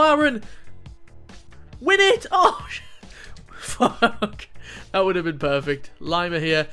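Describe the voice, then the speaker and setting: A young man doing excitable, jokey let's play commentary while he plays a football game, swearing often. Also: a little high. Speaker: gaming YouTuber.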